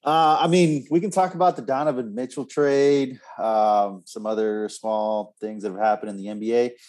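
A man's voice: mid-range voice, steady tone, moderate pace, darkish tone. A man co-hosting a podcast in casual chat, dry and understated. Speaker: podcast co-host.

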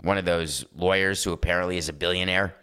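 A man in his fifties rants through a sports talk monologue with sarcastic energy. His voice sits a little low, and he keeps the delivery lively and opinionated. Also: fast, smooth. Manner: animated, sarcastic, slips into mock voices.

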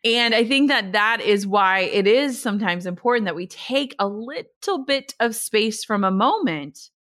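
This podcast host, a woman in her thirties, speaks at a normal speed with a medium-pitched voice. Her talk is casual and earnest, mixing animated storytelling with read sponsor spots.

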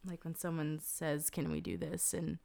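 A woman's voice: deep voice, big pitch swings, moderate pace, vocal fry, warm tone, dry recording, studio quality. A young woman chatting as a podcast guest, rambling and candid, swearing often. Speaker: podcast guest, web designer. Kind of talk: casual podcast chat.

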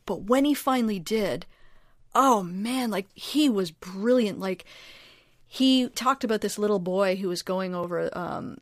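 A woman guest and author talking in a casual conversation, energetic and emphatic. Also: mid-range voice, measured pace, dry recording, clean studio sound. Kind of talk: casual chat.

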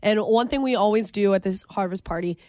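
A young woman co-hosting a radio show, telling a story in an animated way and laughing often. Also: medium pitch, brisk, no echo, clean studio sound. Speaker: radio co-host. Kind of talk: casual radio chat.

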